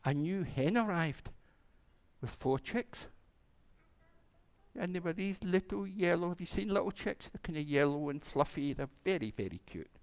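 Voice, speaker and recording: During a church service, a minister tells a children's story, his voice rising and falling a great deal. Slightly high-pitched for a man, he speaks expressively at normal speed with a clean tone, relishing the animals' lines.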